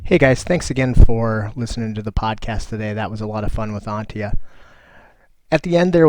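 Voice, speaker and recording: A man's voice: on the low side, darkish tone, no echo. Laid-back cussing man podcast host. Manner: laid-back, profane, rambling. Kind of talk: casual chat.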